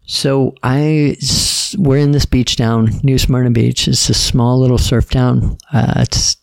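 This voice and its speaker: A middle-aged man, a podcast guest, telling stories in a relaxed, casual way and quoting other people's lines. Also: medium pitch, slow pace, gravelly, no room sound, studio quality. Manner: laid-back storyteller, quotes others in dialogue. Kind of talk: casual storytelling.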